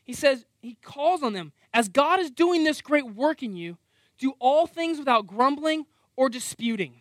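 A man's voice: very high voice, measured pace, no room sound, clean studio sound. A middle-aged man preaching a sermon, conversational and self-deprecating, often acting out voices. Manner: animated, acts out quoted voices.

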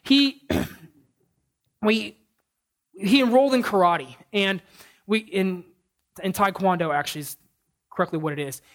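A man preaching a sermon, telling stories in an animated way and often restarting his sentences. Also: sits high, unhurried, long pauses. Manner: animated storytelling with frequent restarts. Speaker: pastor.

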